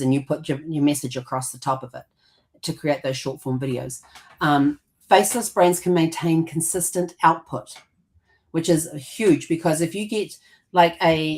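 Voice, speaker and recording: A woman's voice: deep voice, a little mellow. A woman co-hosting a casual talk show, explaining at length with plenty of fillers and restarts. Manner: rambling, with many fillers and restarts. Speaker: co-host.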